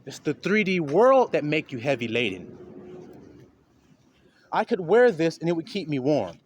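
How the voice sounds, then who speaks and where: A man preaching an informal, profane street sermon, swinging between loud outbursts and low asides and acting out the voices of the people he quotes. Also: sing-song, moderate pace, slightly rough, no echo. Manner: profane, colloquial.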